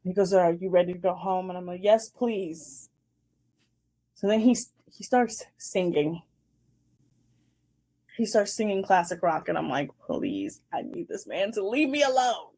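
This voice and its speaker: A woman's voice: mid-range voice, unhurried, long pauses, mellow. A woman in her twenties hosting a casual chat show, animatedly telling a dating story and acting out the scenes. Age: 20s. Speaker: host.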